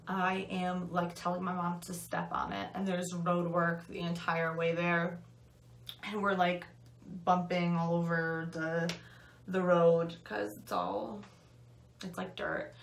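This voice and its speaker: A young woman chats through a personal story with loose, profane, filler-heavy talk. Her voice sits a little low and carries some distance from the mic. The room around her adds a clear echo. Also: slight background noise. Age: young adult. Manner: chatty, swears freely, lots of "like" and "um". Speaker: vlogger. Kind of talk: casual storytelling to camera. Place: at home.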